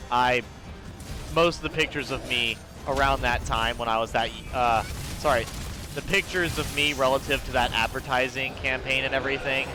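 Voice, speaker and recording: A man from Georgia streaming a game, chatting loosely with viewers in a rambling, profane way with sudden excited jumps in pitch. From Georgia, USA. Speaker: gaming streamer. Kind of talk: casual live-stream chat while gaming.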